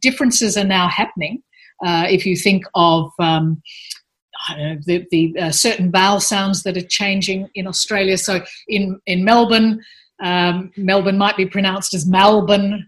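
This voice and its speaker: A woman speaking as an expert guest in a casual interview, giving thoughtful, measured explanations with frequent pauses and fillers. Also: medium pitch, steady tone, fairly bright tone.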